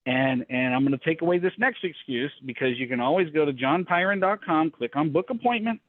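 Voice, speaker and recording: Middle-aged guy ranting business advice on a video call, fast and pushy, bit high voice, tinny phone-like sound. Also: animated, no room sound. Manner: fast, emphatic, repeats words, acts out dialogue. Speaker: business coach hosting a mastermind call. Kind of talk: energetic coaching rant on a video call. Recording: dry, phone-like call audio.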